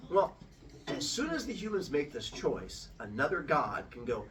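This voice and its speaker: A man's voice: a little high, big pitch swings, moderate pace, a bit bright. A man teaching children, retelling a myth playfully and quizzing the class. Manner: playful, asks the class questions. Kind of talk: animated storytelling lesson to children. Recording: from far off in a classroom.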